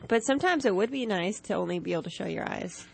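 Gravelly-voiced playful female co-host. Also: mid-range voice, expressive, fast, a little hiss or hum, low-quality recording. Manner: playful, laughing. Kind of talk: casual chat.

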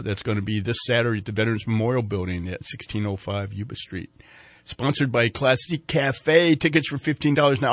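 A man's voice: mid-range voice, no room sound. A man hosting a morning radio show, chatting and joking and reading ads and community announcements. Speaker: radio host. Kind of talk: casual morning radio chat. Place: radio studio.

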